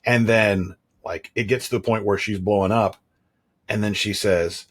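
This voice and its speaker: A man with a husky, slightly low voice, chatting casually as a podcast host. He tells candid stories in a rambling way, full of restarts. He sounds like he is in his thirties. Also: fairly even intonation, normal speed. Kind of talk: casual chat.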